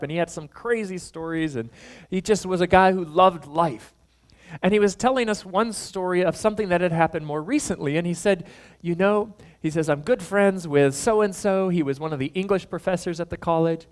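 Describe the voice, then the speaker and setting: A man preaching a sermon, spinning a story with animated delivery. He slips into the voices of the people he quotes and chuckles as he goes. His speaking voice sits a little high for a man. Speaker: pastor.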